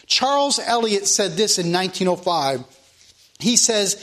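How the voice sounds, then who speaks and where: High-voiced preacher repeating his points. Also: big pitch swings, a little slow, a bit bright. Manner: preaching with emphatic repetition, reading scripture aloud. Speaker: pastor. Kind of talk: sermon.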